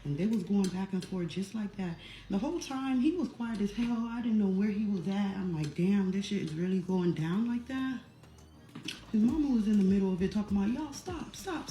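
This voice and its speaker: A woman's voice: on the low side, warm tone. A young woman telling a family drama storytime in a casual, blunt and profane way. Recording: roomy echo with faint music.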